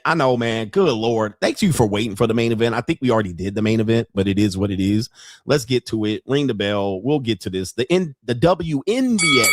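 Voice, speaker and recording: A man's voice: mid-range voice, dry recording. A man in his forties hosts his own show in an unfiltered, comic rant, his voice sitting in a middle register. The sound is dry and close, with no room around it. He curses freely, laughs at his own stories and jumps into voices as he acts out little street encounters. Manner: profane, animated, laughs often, acts out street exchanges. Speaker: podcast host. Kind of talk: unfiltered comedic commentary.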